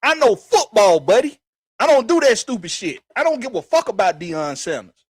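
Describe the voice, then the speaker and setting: High-voiced man ranting about football. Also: big pitch swings, normal speed, husky, no room sound, studio quality. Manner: emphatic, repetitive, swears freely. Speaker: podcast host. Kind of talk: heated casual sports talk.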